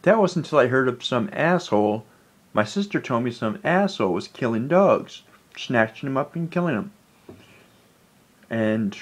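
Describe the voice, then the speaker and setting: Man, tearful, subdued, rambling, average-pitched voice, vlog. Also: sing-song, normal speed. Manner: tearful, rambling, speaks low and subdued with sudden angry outbursts. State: emotional, on the verge of tears. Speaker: vlogger. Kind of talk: emotional personal vlog.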